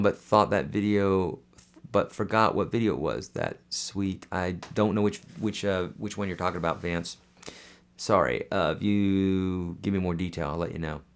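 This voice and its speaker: A man hosting a casual live Q&A as a guitar teacher, chatty and friendly, with lots of fillers and restarts. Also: lowish voice.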